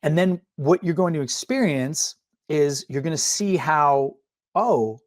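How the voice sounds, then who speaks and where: A man's voice: on the high side, animated, measured pace, dry recording. Middle-aged man teaching, dry and chatty. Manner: conversational, peppered with "right?" and "you know", acting out sample line readings. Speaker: acting and screenwriting instructor. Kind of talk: webinar lecture. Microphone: webinar microphone.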